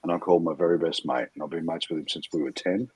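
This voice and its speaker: Deep husky man in his fifties. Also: steady tone, fast. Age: 50s. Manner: open, emotional, laughs easily. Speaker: guest. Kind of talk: candid conversational storytelling.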